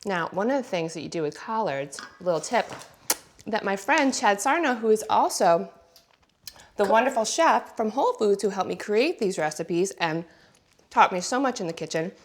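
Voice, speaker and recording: A woman's voice: medium pitch, animated, normal speed. A woman guest chef explaining a recipe step by step in an upbeat, playful way. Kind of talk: cooking demonstration chat.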